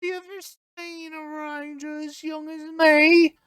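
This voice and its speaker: A man voicing an eight-year-old boy elf ranger, cheeky and squeaky. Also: level tone, slow, a bit bright, dry recording, studio quality, recorded from a distance, heavily acted. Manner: squeaky, very high child voice.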